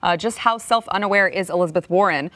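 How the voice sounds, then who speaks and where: A woman from Texas hosting a news commentary talk show, brisk, chatty and sarcastic as she brings in her panel. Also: fairly low pitch, a bit bright, no echo. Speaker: host.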